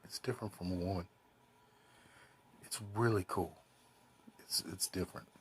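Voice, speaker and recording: A man's voice: low voice, steady tone, moderate pace, a bit bright, slight background noise. A man telling a rambling personal anecdote in a casual, swearing way, quoting other people as he goes. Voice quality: very husky. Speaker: storyteller.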